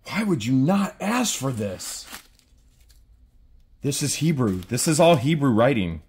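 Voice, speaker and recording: Slow-talking excited man, noisy recording. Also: medium pitch. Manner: excitable, keeps exclaiming in wonder. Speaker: treasure hunting vlogger. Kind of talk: casual unboxing commentary.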